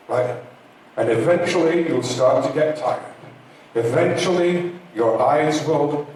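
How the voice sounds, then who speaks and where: A solemn stage hypnotist, as a man plays him, lulling his listeners with slow, drawn-out, soothing words in a slightly lowered voice. The sound rings through a very echoey hall, picked up from a distance, with faint noise underneath. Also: darkish tone, lightly acted.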